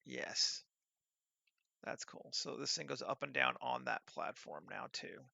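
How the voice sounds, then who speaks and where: A man's voice: mid-range voice, a little slow, vocal fry, sharp tone, no room sound. A man working on a 3D scene who thinks aloud, muttering half-finished commands to himself.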